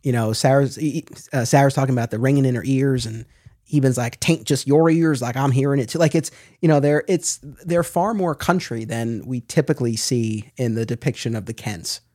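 A man hosting a podcast in a casual discussion. He talks in an animated way and often restarts and corrects himself mid-sentence. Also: medium pitch, a little fast, no echo, studio quality. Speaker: podcast host.

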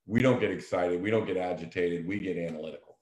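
A man talks real estate in an emphatic, coaching tone. His voice sits low, and the room around him is echoey. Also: fast, darkish tone. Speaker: real estate agent, show host. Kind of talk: casual business chat.

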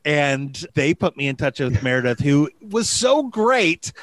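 A man's voice: fairly high pitch, very animated, unhurried, dry recording. A man hosting a casual podcast, upbeat and self-deprecating. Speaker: podcast host.

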